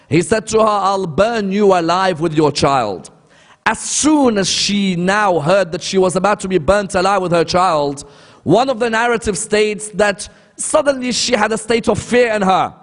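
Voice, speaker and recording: A man giving a sermon lecture, telling a story and asking rhetorical questions that he then answers. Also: high-pitched. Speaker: Islamic lecturer. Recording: long hall reverb.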